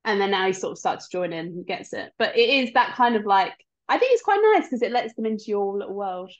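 A woman's voice: mid-range voice, animated. Teasing woman, dull lo-fi sound. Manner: teasing, quick to joke and exclaim. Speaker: podcast co-host. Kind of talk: casual chat.

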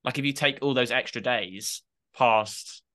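A man's voice: medium pitch, unhurried, sharp tone. A man co-hosting a podcast in casual chat, self-mocking and full of "like" fillers. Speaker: podcast co-host.

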